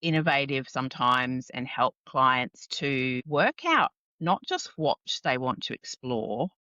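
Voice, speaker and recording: A woman with an Australian accent gives career advice in an enthusiastic, chatty podcast conversation. Her voice is bright and forward. The sound is dry, with a slightly muffled, dull tone. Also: rumbling low, big pitch swings, slow, dry recording. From Scotland. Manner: enthusiastic, chatty, frequent laughs. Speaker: career counsellor guest. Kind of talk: casual podcast interview.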